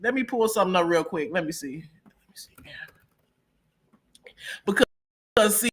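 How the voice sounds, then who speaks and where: A woman hosting a casual live-stream reaction chat who talks in a dramatic, gossipy way, laughs loudly and often, and swings between loud outbursts and quiet asides. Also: fairly low pitch, expressive, a little slow, breathy edge.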